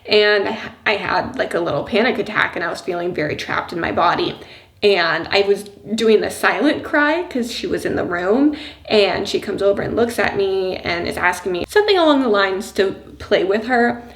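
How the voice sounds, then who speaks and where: A woman talking casually to the camera as a vlogger and mother of a young child. She rambles with lots of fillers and laughs softly between thoughts. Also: medium pitch, expressive, normal speed. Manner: chatty and rambling, many "like" and "you know" fillers. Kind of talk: casual personal vlog talk. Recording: roomy echo.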